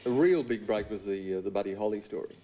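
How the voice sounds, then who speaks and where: A man's voice: on the low side, fast talker, warm tone. Wry man hosting a talk show. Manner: wry, teasing interviewer.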